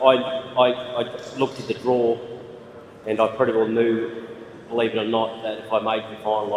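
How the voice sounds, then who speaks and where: Australian man, middle-aged, halting impromptu speech, restarts, large echoey hall, distant pickup. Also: medium pitch, a little hiss or hum. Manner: halting, rambling, frequent restarts. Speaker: eight ball player giving a speech.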